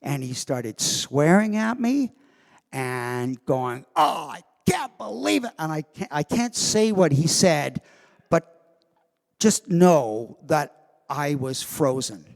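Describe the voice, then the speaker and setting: A man telling an anecdote to a live convention audience as guest of honor, acting out the quoted lines with animated delivery. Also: fairly high pitch, slow pace. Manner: animated storyteller who acts out quoted lines. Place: convention hall. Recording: long reverb of a large hall.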